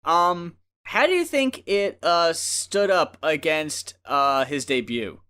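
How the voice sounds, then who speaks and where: Co-host, male: bright tone and a slightly high voice, relaxed and profane, laughs easily. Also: takes it slowly, clean tone. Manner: laid-back, swears freely, laughs often. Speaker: co-host of an album review show. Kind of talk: casual review chat.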